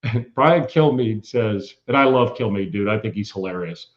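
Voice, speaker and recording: Animated man hosting sports talk. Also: on the low side, normal speed, dull audio. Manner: animated storyteller, laughs a lot. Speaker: sports talk show host. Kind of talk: casual sports talk chat.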